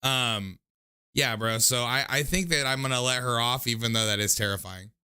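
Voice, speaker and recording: Bright-voiced rambling male call-in host. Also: mid-range voice, normal speed, smooth, no room sound, clean studio sound. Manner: rambling, profane, loose. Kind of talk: casual call-in chat.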